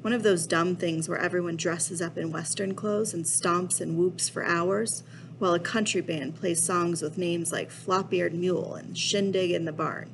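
A woman reading a children's novel aloud in a steady, expressive storytelling voice. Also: lowish voice, moderate pace, vocal fry, noisy background. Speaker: reader.

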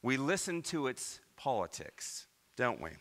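A man from Iowa preaching a sermon as pastor, with animated delivery and many rhetorical questions. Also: mid-range voice, a little slow. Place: church.

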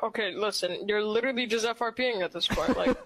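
Exasperated gamer lecturing over loud noise. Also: mid-range voice. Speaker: online game player. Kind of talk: complaining to another player mid-game.

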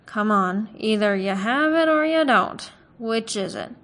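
A woman's voice: on the high side, lively intonation, measured pace, fairly bright tone. A woman doing a scornful, sneering village butcher. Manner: scornful, sarcastic and snappish. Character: sneering, suspicious small male village butcher.

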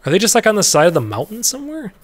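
Chatty let's-play man, slightly high voice. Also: huge pitch swings, very fast. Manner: chatty and rambling, talks to creatures in the game; laughs easily, bursts into loud yelps. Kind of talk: casual gameplay commentary.

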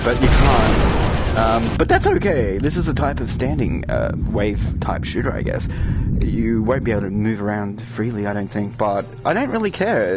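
A man giving excited live-stream commentary on a VR shooter, chatting with viewers and breaking into loud outbursts. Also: medium pitch. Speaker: VR game streamer. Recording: dull lo-fi stream audio with game music and gunfire. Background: game music and gunfire.

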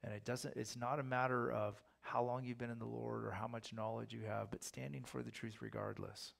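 A male pastor gives a relaxed, conversational sermon with a gravelly, creaky edge to his voice. His pitch sits in a middle range, and he slips into quick voices for the people in his stories. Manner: conversational, acts out quoted voices. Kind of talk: sermon Bible teaching.

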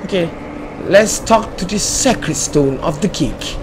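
A man's voice: high voice, expressive, takes it slowly, background noise. A man hosting a casual let's-play video, chatting playfully as he explores, joking and talking back to the game. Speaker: gamer and channel host.

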